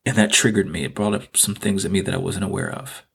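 A man's voice: deep voice, expressive, quick pace, gravelly, slightly rough. A man hosting a podcast, telling a personal story in an earnest, reflective way and repeating phrases for emphasis. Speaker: podcast host.

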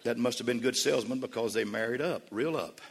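A man's voice: mid-range voice, brisk, vocal fry, slight background noise. A man pastor preaching a sermon in a church, emphatic and repetitive. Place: church sanctuary. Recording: long church reverb.

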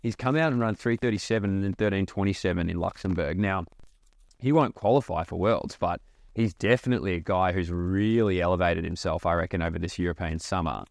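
A young Australian man rambling casually on his podcast, animated and swearing freely. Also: on the low side, no room sound. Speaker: podcast host.

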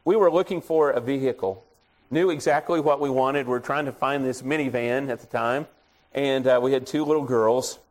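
A man's voice: mid-range voice, moderate pace. A middle-aged man preaching a sermon in a conversational way, telling folksy stories from his own life. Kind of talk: storytelling sermon.

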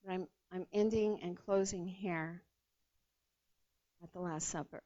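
A woman teaching a Bible passage in a lively, conversational way, sometimes acting out the voices of the people in the story. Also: fairly low pitch, measured pace. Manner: animated retelling, acts out the disciples' voices. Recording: dull lo-fi sound.

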